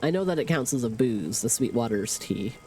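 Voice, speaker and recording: With slight background noise, a streamer with a cold speaks a little fast in a dark, medium-pitched voice and lively intonation. The casual gaming chat walks through each in-game task aloud as they play.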